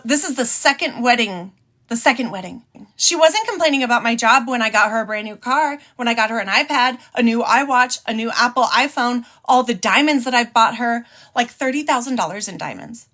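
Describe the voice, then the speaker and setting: A woman's voice: fairly high pitch, animated, fairly quick, sharp tone. A young woman hosting a podcast, bluntly telling an emotional personal story and swearing freely. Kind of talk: candid storytime monologue.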